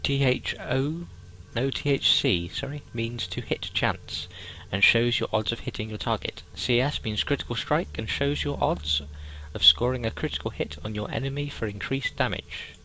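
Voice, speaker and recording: A man's voice: medium pitch, normal speed, few pauses, pushed and bright, poor audio. A man doing casual game playthrough commentary, reading on-screen text aloud with dry asides. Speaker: gaming video host.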